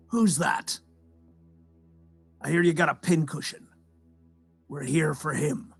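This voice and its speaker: A man playing a tabletop game, delivering loud, commanding in-character lines. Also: fairly high pitch, steady tone, takes it slowly, gravelly, pauses often, breathy edge, faint music behind. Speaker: player.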